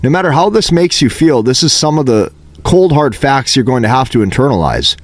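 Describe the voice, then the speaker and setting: A man's voice: medium pitch, big pitch swings, a little fast, no room sound. A man giving a motivational dating-advice monologue, emphatic and repetitive, lecturing the listener.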